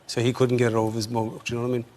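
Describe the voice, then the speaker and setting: A man's voice: medium pitch, completely flat delivery, racing, darkish tone. A man with an Irish accent, recalling in an interview as a bereaved father, hesitant and full of fillers. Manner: hesitant, many fillers and "you know what I mean". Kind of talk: emotional interview recollection. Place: TV studio.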